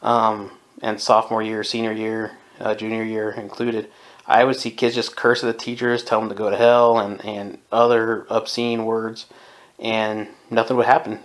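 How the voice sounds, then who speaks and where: A man in his twenties from Southern California, giving his opinions in a casual podcast monologue and chuckling often. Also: medium pitch. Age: 20s. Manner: opinionated, chuckles often, mimics people in quotes. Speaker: podcast host.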